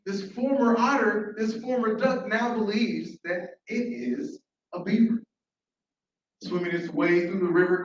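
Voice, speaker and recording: A man tells a story live, animated and repeating his phrases as he engages the crowd. His voice sits high. He is heard from afar in a big echoing room, with a dull sound and faint room noise. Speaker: storyteller at an open mic. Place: large room at a library event. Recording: echoey, dull, from far off.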